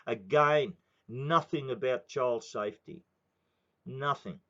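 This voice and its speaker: A man's voice: mid-range voice, takes it slowly, bright, forceful tone. A man in his sixties with an Australian accent, ranting in a heated, swearing monologue. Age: 60s. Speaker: political commentator. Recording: dull lo-fi recording.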